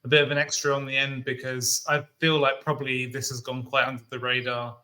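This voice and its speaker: A man's voice: medium pitch, fairly quick, rough recording. A man from the UK co-hosting a podcast, talking casually with frequent ums. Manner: relaxed, hesitant with fillers. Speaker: co-host. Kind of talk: casual enthusiast chat.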